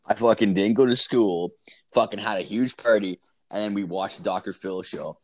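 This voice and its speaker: A man's voice: on the low side, normal speed, a little mellow, slight background noise. A man in his thirties, a podcast co-host telling a profane, rambling story in casual chat.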